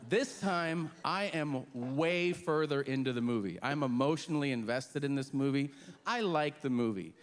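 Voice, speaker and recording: A man doing stand-up comedy, telling a story in an animated, exasperated way and acting out outbursts, on a stage before a live audience. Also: medium pitch, normal speed, long reverb tail. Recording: live stand-up set with loud crowd laughter. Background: audience laughter.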